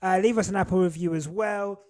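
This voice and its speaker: A young man co-hosting a casual podcast, slangy and given to loud bursts. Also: sits high, steady tone, fairly quick. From Britain. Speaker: podcast co-host.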